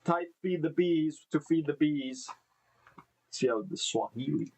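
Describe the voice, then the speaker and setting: A man's voice: on the high side, a little slow, a little mellow, slightly rough, low-quality recording. A man hosting a casual live stream, reading news stories aloud, tripping over names and breaking off to think aloud. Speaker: host. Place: indoor room with live beehives.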